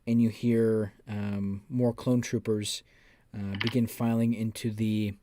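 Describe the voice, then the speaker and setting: A man narrating a tabletop role-playing game as game master, describing scenes to the players in a measured second-person voice. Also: fairly low pitch, little pitch movement, background noise.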